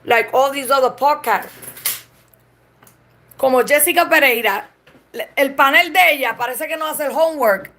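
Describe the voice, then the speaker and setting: A woman's voice: high-pitched, moderate pace, long pauses, a bit bright. A Puerto Rican woman chatting casually on a live stream. She swears freely and switches between English and Spanish mid-sentence. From Puerto Rico.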